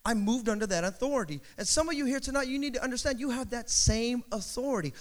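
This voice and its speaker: A man's voice: very high voice, quick pace, hardly any pauses. A man preaching an evening sermon in church, addressing the congregation directly with emphatic, repeated phrases. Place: church service.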